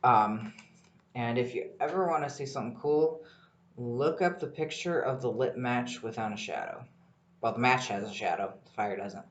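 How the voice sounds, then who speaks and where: Rambling, excitable man in an echoey room. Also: medium pitch, moderate pace, highs cut off. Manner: rambling and excitable, swears freely. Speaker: podcast host. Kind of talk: casual solo podcast monologue.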